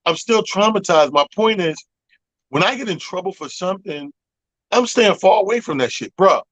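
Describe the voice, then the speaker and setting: A slightly high-voiced man tells a long story on a radio talk show. He swears freely and acts out the other people in it. His voice is close and dry, with no room sound. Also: animated, normal speed, a bit bright, dry recording, low-quality recording. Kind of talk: casual storytelling chat. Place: radio studio. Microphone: studio microphone.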